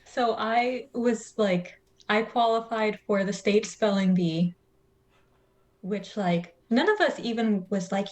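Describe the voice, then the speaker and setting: A woman's voice: mid-range voice, slow pace, darkish tone. A young woman co-hosting a podcast in casual chat, dry and teasing, chiming in to finish the stories and then telling one of her own. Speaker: podcast co-host.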